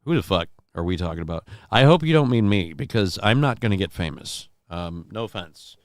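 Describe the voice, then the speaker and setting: A man's voice: low voice, lively intonation, a little fast, dry recording, clean studio sound. A man hosting a casual livestream from home, reading out viewer comments in a rambling, profane, self-deprecating way. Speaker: livestream show host.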